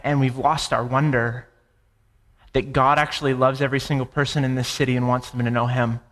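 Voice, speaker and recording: Impassioned pastor in an echoey hall. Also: male voice, medium pitch, a bit bright. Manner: impassioned, repetitive emphasis, stammering restarts. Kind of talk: sermon.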